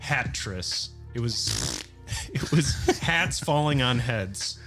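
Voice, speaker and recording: A man's voice: mid-range voice, slow, gravelly, faint music behind. A man co-hosting a casual podcast, chatting and reading game history notes with light chuckles. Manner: relaxed, reads dates and facts, chuckles. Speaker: podcast co-host.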